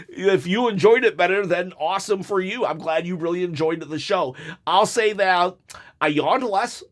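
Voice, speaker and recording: A man hosting a casual show, reading out viewer comments and answering them in a rambling, self-correcting way with frequent laughs. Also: high-pitched. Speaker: host reading viewer hot takes. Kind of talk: casual chat.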